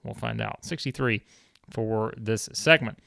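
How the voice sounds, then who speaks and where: A man's voice: on the low side, measured pace, vocal fry, sharp tone, dry recording, clean studio sound. A man hosting a gaming video, giving a chatty, casual recap of his game with lots of fillers.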